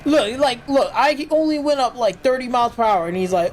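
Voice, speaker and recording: A man's voice: extremely high pitch, a little fast, a little hiss or hum, poor audio. A man streaming live gameplay commentary, ranting and swearing constantly, with loose, filler-heavy speech full of restarts. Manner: profane, ranting, complaining. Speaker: gaming streamer.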